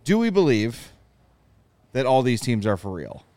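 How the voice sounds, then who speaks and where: A man hosting a casual sports podcast, briskly rattling off records and stats to set up the discussion. His voice is crisp and medium-pitched, recorded dry and close. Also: very animated, a little mellow, no echo. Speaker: podcast host.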